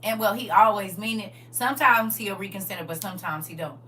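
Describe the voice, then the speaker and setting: A woman's voice: medium pitch, brisk, bright, forceful tone, recorded from a distance, slight background noise. A woman teaching a livestreamed Bible study, reading scripture aloud and talking to her viewers directly in a casual, preachy way.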